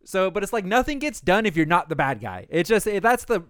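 A man telling stories in casual chat, swearing often and talking with animated energy. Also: high-pitched, a little fast, no echo, studio quality. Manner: profane, animated storytelling.

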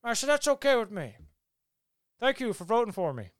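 A man's voice: extremely high pitch, sing-song, brisk, dry recording, clean studio sound, pitched above the performer's own voice. A man doing an impression of an elderly politician who stumbles and repeats words. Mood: rambling. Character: rambling elderly male politician.

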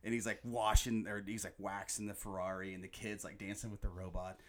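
A man hosting a podcast, chatting casually and excitedly about a movie, often quoting its lines. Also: fairly low pitch, fairly quick. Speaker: podcast host.

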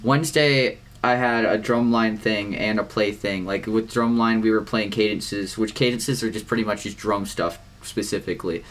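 A teenage boy co-hosting a podcast, rambling through his week in casual chat, swearing often and filling pauses with "um" and "like.". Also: lowish voice, fairly even intonation, a bit bright. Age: teens. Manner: rambling, swears a lot, many fillers. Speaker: podcast co-host.

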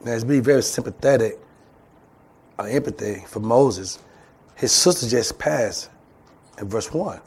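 Pastor guy, kinda husky, preaching back and forth with the church. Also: medium pitch, lively intonation, unhurried, pauses often, a little mellow. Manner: call-and-response preaching, acts out voices. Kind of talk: sermon.

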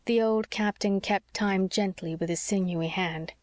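A woman narrating a classic novel as an audiobook, in a calm, measured storytelling voice. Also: mid-range voice, dry recording, studio quality. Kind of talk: scripted narration.

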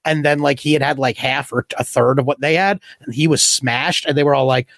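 A man's voice: mid-range voice, steady tone, fairly quick, vocal fry, fairly bright tone, no room sound. A middle-aged man from the Philadelphia area, co-hosting a comedy podcast in a loose, rambling, self-deprecating way and laughing often. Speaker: podcast co-host. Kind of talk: casual comedy podcast chat.

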